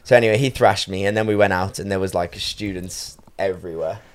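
Young male podcast host, lowish voice, chatty and jokey storyteller. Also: brisk, crowd noise. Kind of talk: casual podcast chat.

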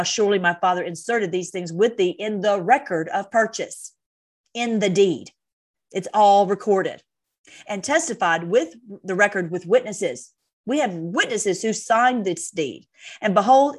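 Speaking in a mid-range voice, a woman leads a Bible study, reading scripture aloud while often using fillers and correcting herself. Now and then she breaks into conversational, exasperated asides.

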